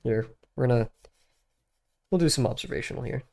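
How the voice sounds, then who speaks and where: A man's voice: medium pitch, fairly quick, vocal fry. A young man streaming his drawing practice, chatting casually to himself and to chat with lots of fillers. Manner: relaxed, rambling, talks to himself and to chat with many fillers.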